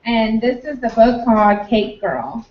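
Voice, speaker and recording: A woman reads a storybook aloud slowly, in a voice a bit higher than most. She sounds distant in a roomy space, with a dull, muffled tone. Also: lively intonation. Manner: slow, careful reading. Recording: roomy, dull, far from mic.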